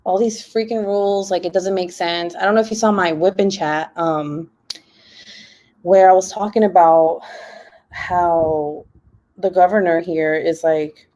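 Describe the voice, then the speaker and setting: A young woman talks into her laptop from home, casual and rambling. Her voice is warm and mellow, and she laughs easily between her "like"s. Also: fairly low pitch, steady tone, measured pace. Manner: chatty, many "like" fillers, laughs often. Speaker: live stream host. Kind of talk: casual chat while crafting.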